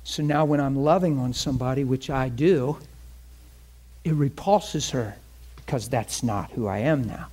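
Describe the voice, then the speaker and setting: A man preaching a sermon with impassioned delivery, moving between loud bursts and hushed lines. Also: mid-range voice, unhurried. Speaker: pastor.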